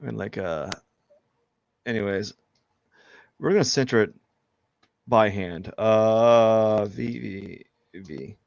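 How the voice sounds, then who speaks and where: Male artist, casual stream chatter, self-deprecating, gravelly, close and dry. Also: lowish voice, takes it slowly, long pauses, a little mellow, dry recording, muffled recording. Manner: rambling, self-deprecating, joking. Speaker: artist streaming live drawing. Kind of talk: casual live-stream chat while drawing.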